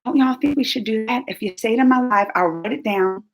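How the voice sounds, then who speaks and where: A woman with a rather high, gravelly voice talks at a brisk clip. She hosts her own YouTube reaction channel and chats casually with viewers on a live stream, gushing and laughing a lot.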